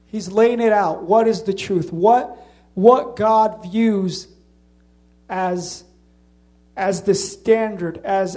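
A man's voice: high-pitched, darkish tone. A man with a slight Slavic accent preaching a sermon in an earnest, conversational way, often restarting his phrases.

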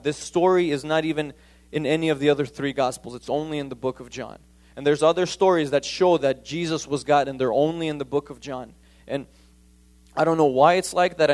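A man's voice: on the high side, a little mellow. A man preaching a conversational sermon, emphatic and repeating key points.

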